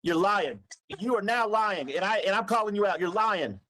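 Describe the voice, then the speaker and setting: A man in a heated phone argument, yelling, cursing and accusing the other person of lying. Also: sits high, animated, moderate pace. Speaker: caller on a recorded phone call.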